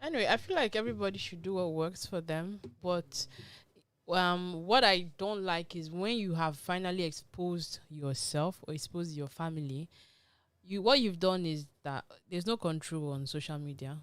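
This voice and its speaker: Low-voiced woman hosting talk radio. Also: normal speed, no echo. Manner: conversational, opinionated, emphatic asides. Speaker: radio talk show host. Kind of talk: casual panel discussion. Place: radio studio.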